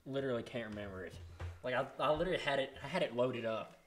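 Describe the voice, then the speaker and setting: A young man making quick, offhand remarks in casual chat with friends. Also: medium pitch, soft background music.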